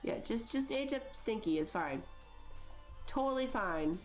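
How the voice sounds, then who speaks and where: A woman's voice: fairly high pitch, lively intonation, a little slow, soft background music. A woman in her thirties, hosting a gaming channel, chatting casually and rambling with lots of likes and you-knows as she plays. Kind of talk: casual chat while playing a life-sim game.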